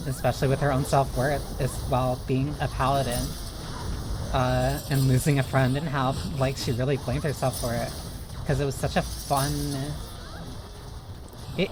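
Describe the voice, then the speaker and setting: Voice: medium pitch, noisy background. A streamer chatting casually while playing a game, rambling loosely from one thought to the next.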